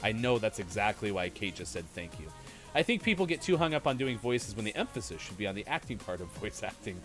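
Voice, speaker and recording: A male stream host with a lowish voice that swings up and down as he chats. He rambles through the chat's comments, stops to search for words, and fills gaps with "uh" and "anyway." Faint music sits in the background. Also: quick pace. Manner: rambling, animated, answers chat, many fillers. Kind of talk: live-stream gaming chat.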